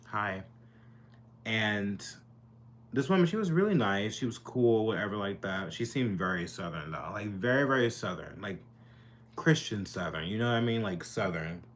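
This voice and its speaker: A man's voice: fairly low pitch, animated, normal speed, a bit bright. A young man telling a casual storytime to camera in his bedroom, chatty and sassy with lots of fillers. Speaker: vlogger.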